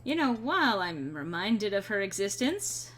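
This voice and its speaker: A young adult woman chatting casually while streaming a role-playing game, rambling and clearing her throat now and then. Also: medium pitch, very animated, normal speed, fairly bright tone, slight background noise. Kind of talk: casual gameplay commentary.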